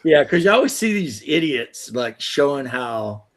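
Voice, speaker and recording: A man's voice: mid-range voice, sing-song, a little slow. Rambling man in casual chat. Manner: loose, rambling, filler-heavy talk.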